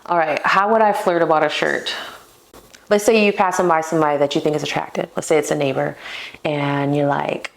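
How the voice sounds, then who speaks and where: Woman, podcast host, low voice, gravelly, playful, self-mocking, casual talk. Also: steady tone, a little fast.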